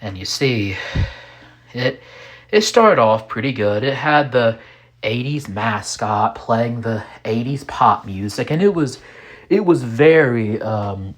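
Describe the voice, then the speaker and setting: A man narrating a horror story in a deliberate, ominous storytelling manner. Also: mid-range voice, expressive.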